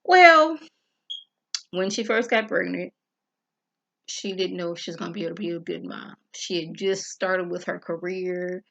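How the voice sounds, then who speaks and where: Woman chatting through a tv episode recap on her channel, bright voice, acting out lines as she goes. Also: lowish voice, moderate pace, vocal fry, long pauses. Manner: chatty and animated, talks straight to viewers; acts out characters' lines while retelling scenes. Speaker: YouTuber reviewing a TV episode. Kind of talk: casual vlog recap.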